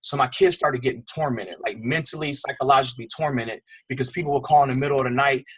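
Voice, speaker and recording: A man's voice: medium pitch, quick pace, a bit bright, slightly rough. A middle-aged man, a fitness trainer, telling a personal story in a candid, conversational way on a call. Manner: candid, conversational, repeats words and uses "man".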